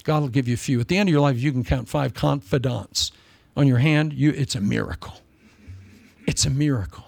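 A pastor with a mid-range, gravelly voice preaches a little fast, recorded with no room sound. His sermon is animated, humorous, and conversational, and he often repeats himself for emphasis.

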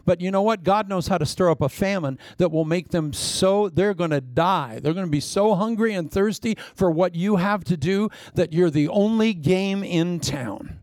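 A man preaching a sermon with lively storytelling, acting out quoted voices along the way. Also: high voice, moderate pace, hardly any pauses, no echo.

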